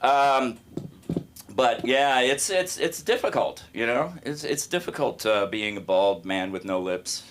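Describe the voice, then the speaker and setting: A man's voice: medium pitch, lively intonation, unhurried. A man doing self-deprecating stand-up on a club stage, quizzing the crowd. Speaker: stand-up comic. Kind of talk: stand-up comedy.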